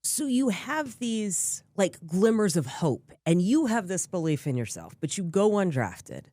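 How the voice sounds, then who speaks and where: A woman's voice: mid-range voice, big pitch swings, measured pace, warm tone, no room sound, studio quality. A woman hosting an interview, asking conversational, leading questions. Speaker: host.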